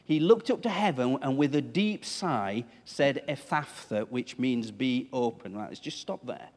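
A man's voice: mid-range voice, lively intonation, a little slow, long reverb tail. A man preaching a sermon as pastor, talking conversationally and putting questions to the congregation. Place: church.

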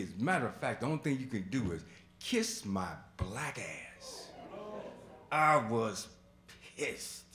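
Storyteller, male, slow deliberate delivery, bright voice, echoey hall, swings from hushed to loud. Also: medium pitch. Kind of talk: live stage storytelling. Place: museum auditorium before a live audience.

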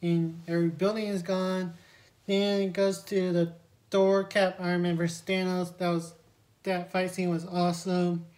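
A woman's voice: lowish voice, level tone, moderate pace, a little mellow. A woman giving a rambling, scene-by-scene spoiler review of a film, acting out quoted lines as she recaps. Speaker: movie reviewer.

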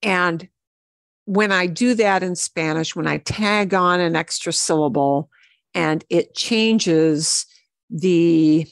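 A woman teaches a Spanish lesson at an unhurried pace. She repeats each word patiently for her learners, and her voice sits close and dry on the mic. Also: fairly low pitch, gravelly, dry recording. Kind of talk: online language lesson.

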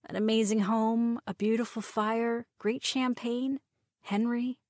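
A woman reader voicing a playful, quick-witted young woman who teases her lover. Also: a little high, little pitch movement, a little mellow, no room sound, studio quality, pitched above the performer's own voice, natural voice.

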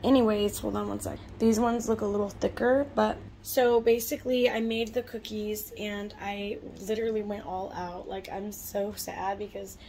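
A woman's voice: medium pitch, level tone, moderate pace, hardly any pauses, dark tone, a little hiss or hum. A young woman in her twenties chatting casually to camera, rambling with frequent fillers and little laughs. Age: 20s. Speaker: vlogger.

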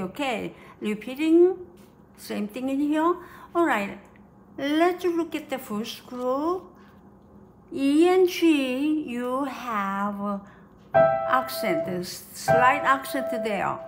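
A woman's voice: sits high, lively intonation, very slow. A woman giving a piano lesson, counting beats and singing rhythms aloud as she teaches. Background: piano playing.

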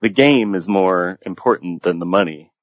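A man who is a guest on a casual movie podcast, relaxed and laughing between points. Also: low-pitched, normal speed, no room sound, muffled recording.

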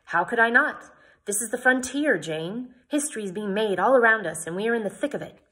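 Jolly excitable gentleman scholar, chatty and eager, as a mom reading aloud puts him on. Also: on the high side, a little fast, voice pushed up. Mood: enthusiastic. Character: enthusiastic bearded male gentleman scholar.

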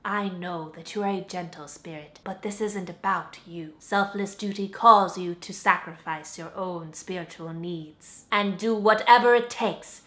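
A woman voicing a stern, commanding female warrior spirit from a cartoon, speaking in a low, grave, authoritative way. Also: measured pace, few pauses, sharp tone.

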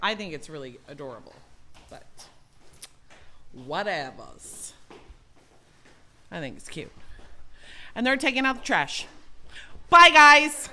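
A woman's voice: low voice, sing-song, a little slow, pauses often, bright, forceful tone, slight background noise. A woman who owns a dance studio, chatting casually and upbeat to her viewers in the studio lobby. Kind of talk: casual vlog narration.

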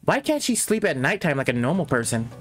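A man's voice: a little high, very animated, fast talker, a bit bright, soft background music. A man hosting a gaming channel, reading a game's character lines aloud and breaking off to comment and laugh. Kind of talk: reading game dialogue aloud with reactions.

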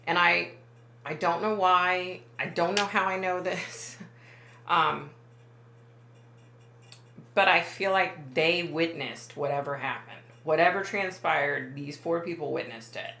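With a fairly low, steady yet sharp voice and a slow pace, a woman who works as a psychic medium chats to the camera in a roomy-sounding space. She wanders, fills pauses, and repeatedly goes back to fix what she said.

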